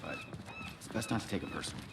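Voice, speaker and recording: A man's voice: mid-range voice, wildly swooping pitch, very fast, distant mic, heavy background noise. An actor playing an easygoing small-town male sheriff with a folksy, joking manner. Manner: laid-back, folksy, joking.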